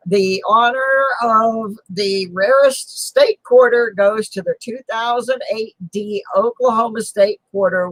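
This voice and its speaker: A middle-aged woman with a medium-pitched voice hosts a casual coin collecting live stream from her home on a mountain. She chats in a rambling, self-deprecating, funny way; the recording has no echo but is low in quality.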